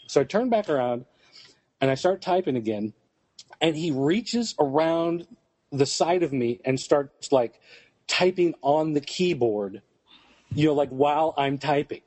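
Husky man telling a rambling story. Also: fairly high pitch, a little slow, no room sound. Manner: rambling, animated anecdote with many fillers. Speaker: podcast co-host. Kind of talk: casual storytelling chat.

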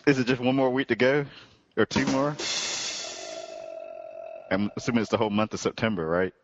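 A man's voice: mid-range voice, brisk, highs cut off, faint music behind. A man hosting a podcast, casually moving the comic review list along in a matter-of-fact way. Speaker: podcast host.

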